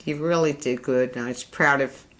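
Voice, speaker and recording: A woman's voice: extremely low pitch, fairly even intonation, normal speed, slight background noise. An older woman, chatting casually as a mother telling family stories, often laughing. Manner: warm, chatty storyteller who laughs often. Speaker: mother being interviewed.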